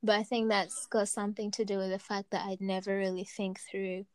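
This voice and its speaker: A woman's voice: mid-range voice, level tone, brisk, dry recording, poor audio. Thoughtful young woman, dry close sound. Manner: thoughtful, many "like"s, soft laughs mid-sentence. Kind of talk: casual chat.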